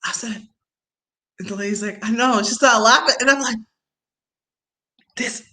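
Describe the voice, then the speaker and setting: Host, young woman, bright voice, animated storyteller who laughs a lot. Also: fairly high pitch, normal speed. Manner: animated, laughing often, talks in slang. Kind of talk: casual storytelling chat.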